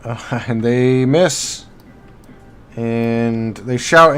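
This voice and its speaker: A man narrating as game master for a live tabletop game, halting and filler-heavy as he describes the action. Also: mid-range voice, a bit bright, smooth, faint music behind. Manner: halting, with many fillers and restarts. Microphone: streaming mic.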